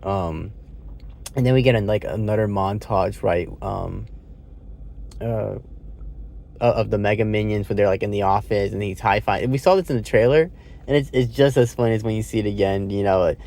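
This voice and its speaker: A man's voice: lowish voice, normal speed, gravelly, a little mellow. A man talking through a movie in a loose, rambling way from inside a car. He uses lots of fillers, swears casually, and laughs at his own retelling. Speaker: movie reviewer. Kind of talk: casual spoken movie review.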